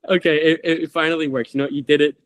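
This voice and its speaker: A man playing in a tabletop game over a voice call, wry and teasing toward the other players. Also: a little high.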